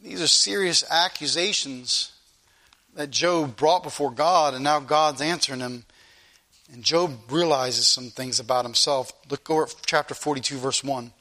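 A man's voice: mid-range voice, normal speed, bright, forceful tone. A man preaching a sermon with fervent delivery, repeating key phrases for emphasis.

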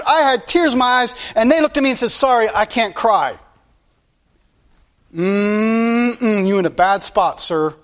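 A man's voice: very high voice, fairly bright tone. A male pastor preaching a sermon in a blunt, impassioned way, repeating his points.

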